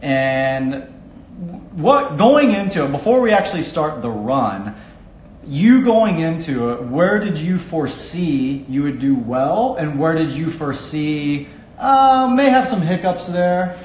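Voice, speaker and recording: A man's voice: fairly high pitch, animated, slow pace. A man hosting a casual live-streamed interview, upbeat and joking. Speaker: host. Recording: echoey room with faint noise.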